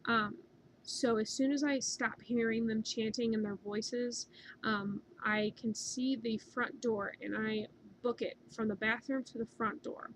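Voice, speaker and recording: A woman's voice: on the high side, fairly even intonation, a little slow, slight background noise, poor audio. A young woman casually telling a long personal story, rambling with many fillers and restarts. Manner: rambling, many ums and likes. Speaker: dream narrator.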